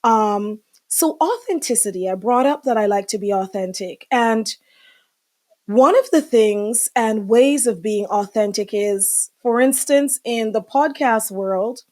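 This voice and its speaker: A woman's voice: fairly high pitch, animated, measured pace, a little mellow. A middle-aged woman hosting a live podcast, talking casually and chattily with many fillers and asides to her viewers. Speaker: podcast host.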